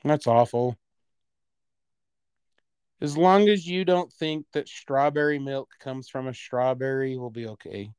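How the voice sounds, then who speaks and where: A man co-hosting a casual podcast, telling stories in an animated way and laughing between words. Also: mid-range voice, measured pace, pauses often, smooth, dry recording. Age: adult parent. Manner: animated storyteller, laughs mid-sentence. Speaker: podcast co-host.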